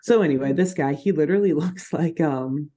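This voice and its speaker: A woman co-hosting a podcast, recapping a cartoon episode in an animated, laughing chat. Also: low-pitched. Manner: animated, laughing, quick asides. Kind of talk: casual chat.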